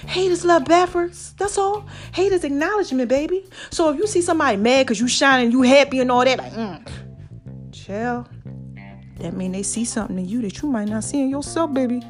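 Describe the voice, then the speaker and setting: A middle-aged woman hosts a podcast in a casual, motivational monologue, her voice set slightly high. She is folksy and animated, swinging from singsong exclamations to low murmurs and calling her listeners baby and child. Faint music plays underneath. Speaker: podcast host.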